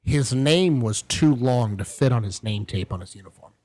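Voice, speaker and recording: A man in casual podcast chat, telling long rambling stories while sipping a drink. His voice sits at a middle pitch. He jumps into lively quoted voices now and then. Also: normal speed. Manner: drinks and chats over whiskey. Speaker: podcast host.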